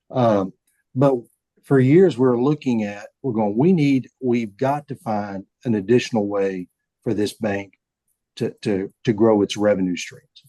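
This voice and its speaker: A man, a bank chief telling stories in a relaxed interview, folksy and often repeating words as he acts out quotes. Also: medium pitch, dry recording, poor audio. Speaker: bank CEO, podcast guest. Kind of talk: casual storytelling interview.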